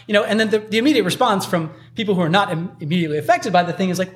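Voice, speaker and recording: A man's voice: fairly high pitch, racing. A man preaching a sermon in a loose, conversational way, full of fillers. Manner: conversational, uses many filler likes. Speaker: pastor.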